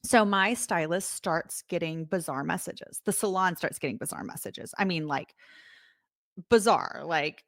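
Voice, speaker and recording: A woman's voice: on the low side, normal speed, no room sound, studio quality. A woman who owns a salon, telling a story in casual talk and acting out the quoted voices of clients and commenters. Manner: animated retelling with quoted voices. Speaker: salon owner and host. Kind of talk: storytelling vlog chat.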